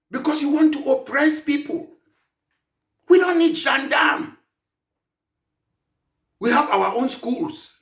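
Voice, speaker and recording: A man's voice: very high-pitched, fairly bright tone, reverberant. A man with a Cameroonian English accent, a party leader and lawyer giving a political speech, impassioned and repetitive, firing rhetorical questions and often raising his voice. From Southern Cameroons.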